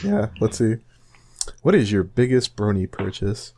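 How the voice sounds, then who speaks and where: A man's voice: lowish voice, big pitch swings, measured pace, warm tone, no echo, clean studio sound. A man hosting a casual interview, teasing his guests and cracking jokes. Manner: teasing, jokey, bursts of laughter. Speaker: podcast host.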